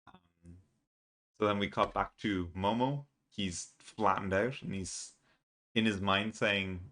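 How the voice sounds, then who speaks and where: A man's voice: fairly low pitch, slow pace, bright, forceful tone. A man hosting a reaction video, casually recapping a comic chapter and thinking aloud, reading the dialogue out plainly. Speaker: manga reaction video host.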